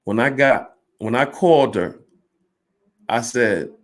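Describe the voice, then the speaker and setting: Man, fifties, candid storyteller, blunt, swears, animated, mid-pitched voice. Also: takes it slowly. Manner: animated, blunt, swears, acts out both sides of arguments. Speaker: storyteller recounting his life.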